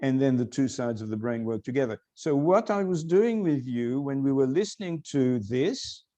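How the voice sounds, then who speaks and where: A man giving a recorded lecture, explaining slowly and repeating key phrases for emphasis. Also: mid-range voice, lively intonation, warm tone.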